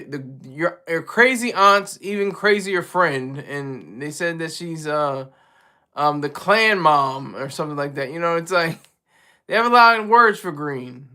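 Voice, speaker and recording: A man with a high, bright voice hosts his own show in loose solo commentary. He stops and restarts a lot, leaning on ums and you-knows. He chuckles often as he talks. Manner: halting, rambling, heavy on fillers; chuckles often while talking. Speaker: show host.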